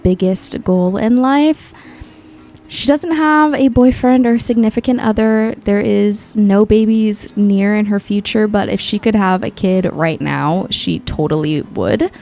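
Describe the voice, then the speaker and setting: Playing a life-sim game, this gaming YouTuber offers casual, gushing commentary in a medium-pitched voice that's gravelly and mellow. She keeps exclaiming over what appears on screen.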